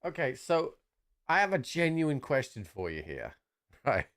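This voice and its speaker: A British man chatting casually while streaming a game, chatty and quick to laugh. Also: mid-range voice, very animated, a bit bright. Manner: chatty, laughing, restarts often. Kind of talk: casual livestream chat.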